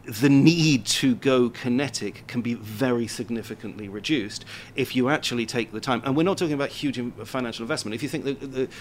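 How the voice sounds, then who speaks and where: A man speaks with earnest focus as an interview guest. He often restarts and repeats words while he works out his point. A faint rumble sits underneath the recording. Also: brisk, few pauses. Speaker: guest expert on influence and military operations. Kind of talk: interview answers.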